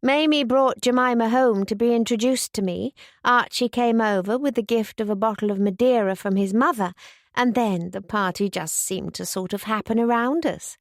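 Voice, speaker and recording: A woman's voice: fairly high pitch, normal speed, dry recording, clean studio sound, natural voice. A woman voicing an eager, bubbly young woman who gushes with enthusiasm. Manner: eager, gushing.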